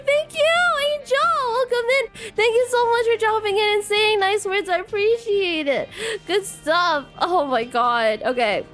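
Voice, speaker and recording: A bubbly young woman streaming a game, chatting with her viewers and reading the game's text aloud. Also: extremely high pitch. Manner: bubbly, giggly, lively. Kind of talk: live game stream chat.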